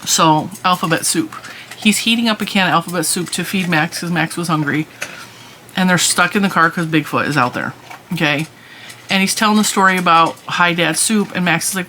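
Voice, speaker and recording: A middle-aged woman hosting her crochet channel, chatting casually and telling an animated story with frequent laughter. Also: on the low side, a little fast, slight background noise. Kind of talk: casual chat.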